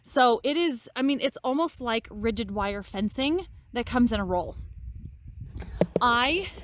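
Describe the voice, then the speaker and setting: A woman's voice: fairly high pitch, animated, a little slow, background noise. A woman on her farm, venting frustration in a casual vlog while out of breath from hard work outdoors. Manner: exasperated, venting. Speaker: farm vlogger.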